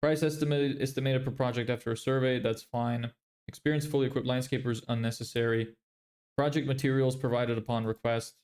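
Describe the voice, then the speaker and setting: A man's voice: medium pitch, steady tone, a little fast, darkish tone. A man livestreaming his screen, muttering blunt critiques of websites in a casual, neutral-sounding accent. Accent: neutral, often heard as American. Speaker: business vlogger.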